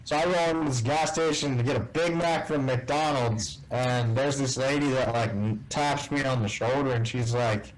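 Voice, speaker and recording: A man as a guest in a casual interview, telling a story and acting out the dialogue with lively shifts in voice. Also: medium pitch, moderate pace, hardly any pauses, rough recording. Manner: animated storyteller who acts out quoted dialogue. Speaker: guest, tournament bass angler.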